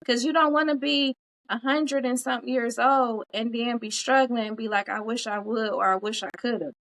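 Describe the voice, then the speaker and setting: A woman with a slightly high voice speaks on a live podcast. She talks earnestly and casually, with plenty of "like" fillers, and urges her listeners to get out and live. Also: steady tone, moderate pace, fairly bright tone, low-quality recording. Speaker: podcast co-host.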